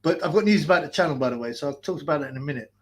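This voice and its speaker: A man's voice: a little high, expressive, rapid-fire. A man hosting a livestream, wearing a mask in a hot basement, ranting crudely and mocking people between laughs. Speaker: livestream host. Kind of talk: profane ranting livestream commentary.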